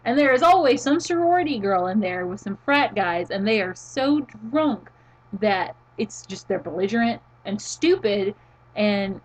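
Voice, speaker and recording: A woman co-hosting a casual wrestling chat, animated and quick to laugh, swearing freely. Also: mid-range voice, poor audio. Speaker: podcast co-host. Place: college town in the US.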